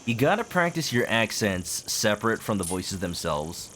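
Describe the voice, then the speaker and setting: A man's voice: on the low side, sing-song, normal speed, a bit bright, a little hiss or hum. A man streaming a video game, chatting casually and explaining things to his viewers as he plays. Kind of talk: casual live-stream commentary. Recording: game music underneath.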